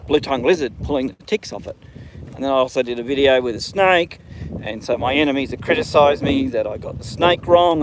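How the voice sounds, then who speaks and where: A man's voice: mid-range voice, fairly quick, noisy background. A man with an Australian accent, live-streaming from a horse paddock on his phone, ranting and then chatting casually. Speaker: livestream host.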